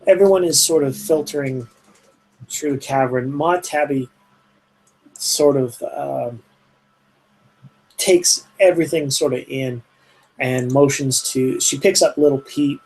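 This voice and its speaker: A man's voice: medium pitch, darkish tone, slightly rough, low-quality recording. A man with a Canadian accent running a tabletop game as game master, narrating loosely with lots of fillers and restarts. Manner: meandering, filler-heavy narration.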